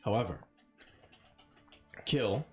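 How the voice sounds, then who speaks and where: A man's voice: fairly low pitch, expressive, drawn-out words, darkish tone, faint music behind. A man narrating as dungeon master of a live-streamed tabletop game, playful and rambling, often breaking into laughter.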